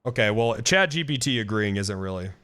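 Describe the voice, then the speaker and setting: A man's voice: fairly low pitch, lively intonation, a little fast, bright, forceful tone, clear, resonant tone. A male streamer ranting to his chat, heated and profane, repeating himself as he talks. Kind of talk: live-stream rant to chat.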